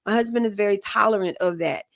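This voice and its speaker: A woman's voice: medium pitch, fast, vocal fry, fairly bright tone, no room sound. A woman hosting a podcast, giving relationship advice in a frank, casual way and often checking that listeners follow her. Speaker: podcast host.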